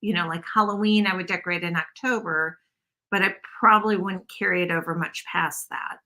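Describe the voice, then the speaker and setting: A woman chats her way through a craft project for her live viewers. Her voice is bright and forward, sitting a little low. She rambles, jokes about herself and calls her audience y'all. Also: steady tone, a little fast. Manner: rambling, self-deprecating, addresses viewers as y'all. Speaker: craft video host. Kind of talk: casual chatty craft livestream.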